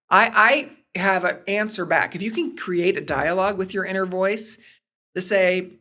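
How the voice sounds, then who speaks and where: A woman's voice: medium pitch, normal speed. A middle-aged woman guest on a podcast, speaking conversationally and acting out the quotes in her stories. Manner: animated storyteller, acts out quotes. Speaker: guest, sports broadcaster and producer.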